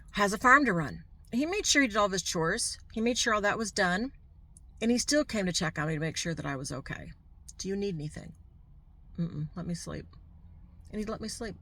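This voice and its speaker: Middle-aged woman, lower register, candid personal vlogger. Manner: candid and heartfelt, with warm asides to the viewer. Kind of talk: personal storytelling to camera.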